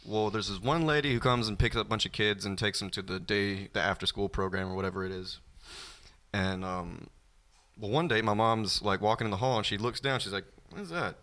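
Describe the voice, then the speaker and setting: A man co-hosting a podcast, telling a story in relaxed chat, with casual swearing. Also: on the low side, a little fast. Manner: casual, swears, gets louder as story builds. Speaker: podcast co-host.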